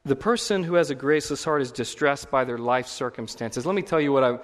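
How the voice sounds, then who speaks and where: A man preaching in a church, his voice carrying with a long hall reverb. He talks in a conversational way, then builds emphasis by repeating phrases. His pitch sits mid-range for a man. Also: fairly quick. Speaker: pastor. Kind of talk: sermon.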